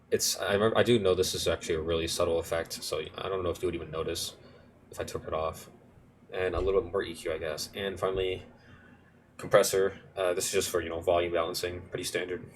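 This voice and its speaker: A young man with a low voice rambles through his music project file, offhand and often correcting himself. It's a casual screen-recorded tutorial from a music producer, with a little hiss or hum in the audio.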